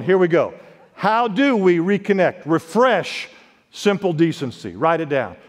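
A man preaching a sermon as pastor, swinging between loud emphatic lines and quiet drops, quoting scripture. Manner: preaching with sharp swings in pitch and volume, quotes scripture. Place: church sanctuary. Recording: long reverb of a worship hall.

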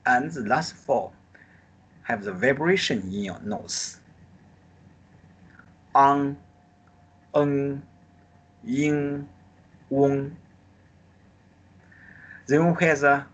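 A man with a Chinese accent leads a live online Mandarin lesson over a video call. He takes his time, drilling each pinyin syllable with exaggerated tones. His voice has a husky edge. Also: medium pitch, fairly bright tone. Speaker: Chinese teacher.

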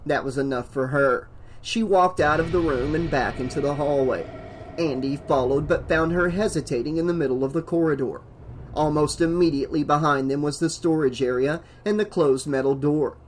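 A man's voice: a little high, moderate pace, slight background noise. A man reading a horror novel aloud as an audiobook narrator, with dramatic emphasis.

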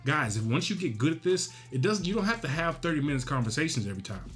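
A man's voice: a little high, big pitch swings, fast, fairly bright tone, soft background music. A man hosting a real estate coaching video, talking straight to the point and punctuating his points with tag questions. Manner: direct, emphatic, frequent "right?" tag questions. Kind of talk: casual instructional talk.

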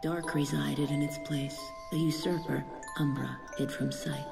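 A game narrator reciting rhyming storybook verse in a slow, measured, lyrical way. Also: medium pitch, fairly even intonation, creaky. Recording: distant voice with long reverb, music.

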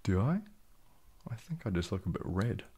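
A man hosting a relaxed, jokey live stream, reading out and answering viewer comments, a little tipsy from champagne and sometimes dropping into a whisper. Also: low-pitched, moderate pace, breathy edge. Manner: laid-back and jokey, drifting into soft whispers. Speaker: ASMR channel host.

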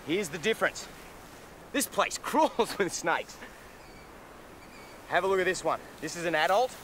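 Australian male wildlife presenter, higher voice, very animated delivery, noisy outdoor field recording. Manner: excitable and animated, quick exclamations. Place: outdoors in the bush.

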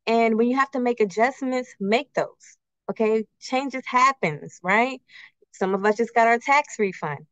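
A woman's voice: on the high side, a little slow, no room sound. Chatty woman teaching budgeting basics. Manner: conversational, keeps checking in with "right?" and rhetorical questions; uses everyday personal examples. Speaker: credit union financial educator. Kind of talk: casual workshop presentation with slides. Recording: slightly muffled, dry recording.

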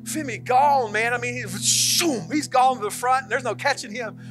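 A middle-aged male pastor telling a story in a sermon, getting animated and loud as it builds. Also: moderate pace, faint music behind. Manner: animated, gets loud and high when excited.

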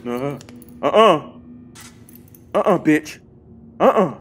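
A man playing a horror game with commentary, swearing a lot and yelping and shouting when startled, chatting to his game companion. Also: a little high, expressive, slow pace, slight background noise. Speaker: gaming channel host.

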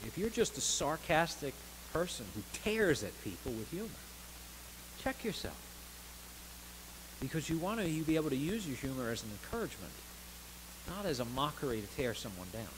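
A man preaching a sermon as pastor of a church, earnest, rising to stressed words and dropping softly between them. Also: a little high, very animated, normal speed, background noise. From United States. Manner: earnest preaching with swells of emphasis and soft drops. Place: church sanctuary.

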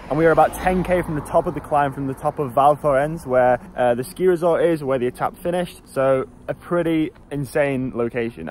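A man's voice: medium pitch, a little hiss or hum, poor audio. A young man chatting casually to camera as he vlogs a cycling trip outdoors on a mountain road, joking and teasing his friend. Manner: chatty and jokey, loud whoops while riding. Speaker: cycling vlogger. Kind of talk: casual vlog chat.

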